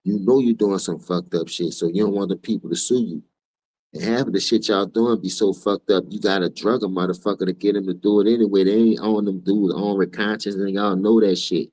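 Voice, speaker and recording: A man's voice: sits low, steady tone, a little fast, darkish tone, no room sound, low-quality recording. Fired-up New Orleans man ranting. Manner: profane, fired-up, preachy. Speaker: streamer host. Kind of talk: heated commentary rant.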